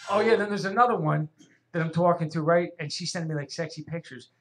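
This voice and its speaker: Male radio co-host, fast and bright, crude rambling storyteller, faint ambience behind. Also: a little high, a little hiss or hum. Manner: profane, rambling, animated storyteller. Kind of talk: casual chat, crude storytelling.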